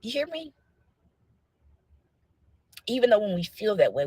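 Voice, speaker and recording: A young woman talking casually to viewers live, animated and preachy, full of rhetorical questions and slang. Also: mid-range voice, moderate pace, pauses often, husky, no room sound. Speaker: vlogger sharing a faith message.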